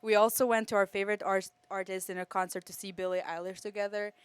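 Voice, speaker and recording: Heartfelt young woman with a smooth voice. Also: medium pitch, little pitch movement, fast talker, no room sound. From Kosovo. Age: teens to early 20s. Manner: heartfelt, many fillers. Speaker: exchange student. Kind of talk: emotional thank-you speech. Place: school TV studio.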